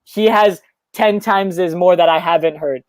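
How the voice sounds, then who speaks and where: A young man, a guest musician, chatting eagerly in quick run-on sentences on a live stream. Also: sits high. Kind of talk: casual chat on a live stream.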